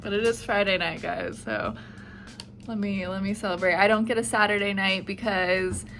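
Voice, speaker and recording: A woman's voice: medium pitch, steady tone, normal speed, music in the background. A young woman in her twenties, a nursing student, chatting casually to camera in a rambling way, full of "like" and "I don't know". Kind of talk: casual vlog chat.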